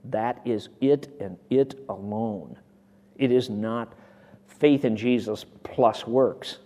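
A man preaching a sermon with great passion, swinging from loud bursts down to near whispers. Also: mid-range voice, takes it slowly, big-room sound.

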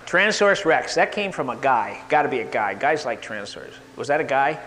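A man giving an animated lecture to a live audience, asking them questions and getting worked up. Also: mid-range voice, fast, big-room sound. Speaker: speaker at a live talk.

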